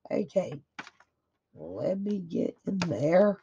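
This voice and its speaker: A woman's voice: mid-range voice, slow pace, gravelly, warm tone, slightly rough, highs cut off. A woman at her home craft desk, opening a craft swap package and gushing to her viewers. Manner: gushing, exclamatory, addresses viewers as guys. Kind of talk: casual unboxing chat.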